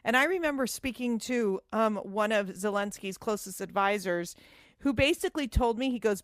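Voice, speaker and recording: Animated female radio co-host. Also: mid-range voice, moderate pace, dry recording. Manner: laughing, animated, opinionated. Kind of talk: talk radio discussion. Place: radio studio.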